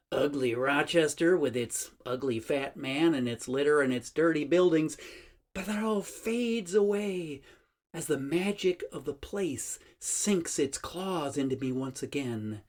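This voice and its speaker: Slow, expressive older man reading aloud. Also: fairly high pitch. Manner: dramatic, wry, savoring each phrase. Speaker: reader of his own travel journal. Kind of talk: expressive reading of a personal journal.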